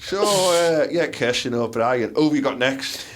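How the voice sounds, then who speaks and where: Lively Teesside man bantering crudely. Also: mid-range voice, measured pace, a little hiss or hum. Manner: lively, swooping delivery with frequent laughs and crude jokes. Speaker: podcast co-host.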